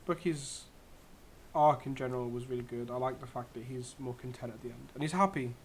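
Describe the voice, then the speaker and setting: Excitable young man reviewing a show. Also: mid-range voice, a little fast. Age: young adult. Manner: enthusiastic, self-correcting, chatty. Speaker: co-host reviewing a TV series. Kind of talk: casual chat.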